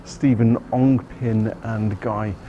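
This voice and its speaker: A man's voice: fairly low pitch, steady tone, slow, mellow, highs cut off. Chatty man on a noisy street. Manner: chatty and rambling, with self-corrections. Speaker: vlogger giving a walking tour. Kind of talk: casual walking-tour narration. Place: city streets outdoors. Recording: outdoor street recording with traffic noise.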